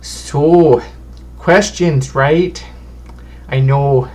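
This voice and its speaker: A man's voice: on the high side, very slow, a little mellow. A man voicing a sweet, fussy little old woman fortune teller who chats in a folksy way and calls people darling and honey. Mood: chatty.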